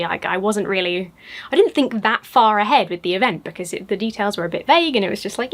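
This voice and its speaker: A woman's voice: medium pitch, fast talker. Gushing English woman vlogger. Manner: gushing and excitable, with many fillers. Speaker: YouTuber. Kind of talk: casual chat.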